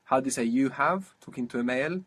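A man teaching a language lesson, patiently drilling words and saying them slowly and clearly. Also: mid-range voice, fairly bright tone.

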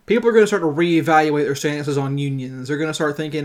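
A man's voice: fairly high pitch, fast, few pauses. A young man co-hosting a casual podcast, chatting about work and games and reading a story aloud with energy. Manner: loud, animated reading of a tense story. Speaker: podcast co-host.

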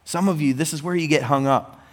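A man preaching a sermon as pastor, animated with rising emphasis and conversational asides to the congregation. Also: on the high side, brisk.

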